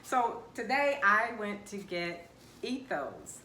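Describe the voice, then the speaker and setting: A woman hosts a casual eating vlog and keeps firing playful questions at her guest. Her voice is bright and forward. The room adds a noticeable echo and a faint hum. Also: medium pitch, sing-song, slow pace. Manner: chatty, teasing questions. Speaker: vlogger host. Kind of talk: casual chat during a mukbang.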